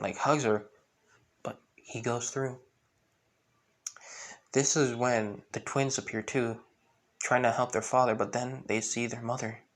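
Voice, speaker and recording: Guy rambling thru a fan story, lots of fillers, flat monotone. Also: medium pitch.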